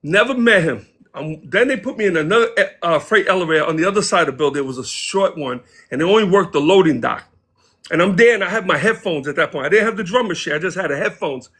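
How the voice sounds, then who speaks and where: A man guest casually telling stories from his past in an interview, animated and acting out the people he quotes. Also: high-pitched, fast talker, slightly rough. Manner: animated, acts out quoted voices. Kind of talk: casual storytelling.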